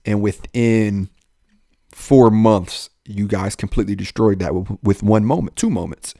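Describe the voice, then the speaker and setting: A young adult man, a police officer, telling his own life story in an animated way, jumping up in pitch when he quotes people. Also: unhurried, no room sound, studio quality. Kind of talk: personal storytelling in a podcast talk.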